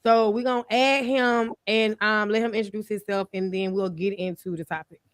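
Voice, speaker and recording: A woman's voice: mid-range voice, steady tone, normal speed, a little hiss or hum. A woman hosting a casual panel podcast, talking bluntly and rambling, swearing freely. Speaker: podcast host.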